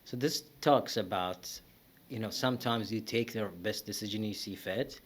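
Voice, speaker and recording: A man's voice: lowish voice, moderate pace, a little hiss or hum. A man hosting a podcast interview, summing up the guest's stories and asking reflective follow-up questions. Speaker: podcast host. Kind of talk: interview chat.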